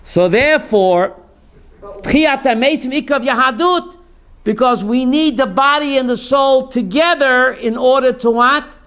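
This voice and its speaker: The speaker is a rabbi teaching a class on Jewish theology, his extremely high voice clear and resonant, his delivery unhurried. He animatedly acts out quoted voices and tests listeners with call-and-response questions.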